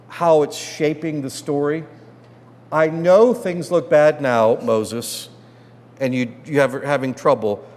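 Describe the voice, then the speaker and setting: A man teaching a Bible class as priest, animated and acting out the characters' complaints. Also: on the high side. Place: church hall. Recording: long hall reverb.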